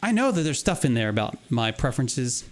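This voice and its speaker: A man's voice: medium pitch, fairly quick. A man co-hosting a podcast, telling a long story in casual chat, rambling and acting out what people said. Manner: animated, rambling, acts out quoted dialogue with laughs. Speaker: podcast co-host.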